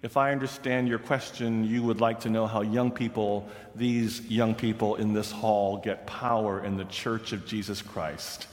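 Man doing an old stern churchman, low quiet voice, slow grave delivery, long hall echo. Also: steady tone, close to an everyday voice.

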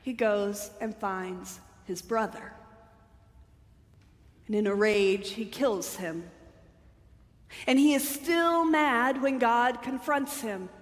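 Woman giving a sermon real slow, lots of rhetorical questions, big echoey church. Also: a little high. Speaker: preacher. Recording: long hall reverb.

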